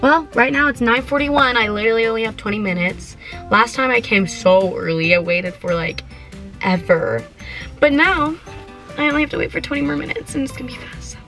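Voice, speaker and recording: Teen girl vlogger, bright voice, giggly, chatty, excitable, talking to camera from a car. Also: fairly high pitch, fairly quick, soft background music. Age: teens. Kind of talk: casual vlog chat. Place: parked car. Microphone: handheld camera.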